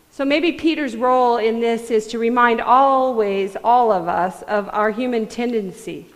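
A woman's voice: fairly high pitch, moderate pace. A middle-aged woman preaching a sermon in a conversational way, acting out quoted voices. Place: church sanctuary. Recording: long hall reverb.

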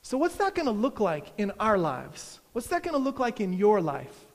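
A man with a high, bright-toned voice delivering a sermon. He speaks earnestly and slows down to stress his key phrases. The sound rings with the long reverb of a large hall. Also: wildly swooping pitch, creaky. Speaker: pastor.

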